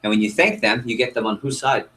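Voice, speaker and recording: Animated male sales trainer. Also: mid-range voice, fast talker, slight background noise, poor audio. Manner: animated, role-plays customer lines, asks audience questions. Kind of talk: sales training talk to a group.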